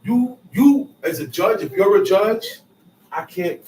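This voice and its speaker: Bible teacher, male, slangy paraphrasing, higher voice, distant roomy recording. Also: measured pace. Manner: explains verses in casual slang, repeats and paraphrases, lively rises. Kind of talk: street-style scripture teaching. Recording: roomy echo, far from mic, faint noise.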